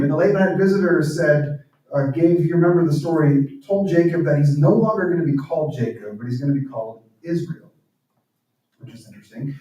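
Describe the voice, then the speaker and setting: Here a man, a guest speaker and author, talks earnestly and reflectively in church, his mellow, slightly high voice dropping almost to a whisper at emotional moments. The recording is muffled and a little fast, with him distant from the mic in a very echoey hall.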